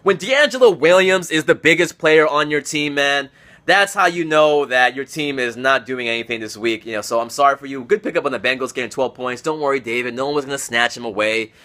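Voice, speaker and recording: A young man hosting a casual fantasy football league recap, profane and excitable, teasing his friends and repeating phrases for emphasis, talking indoors to camera. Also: mid-range voice, a little fast.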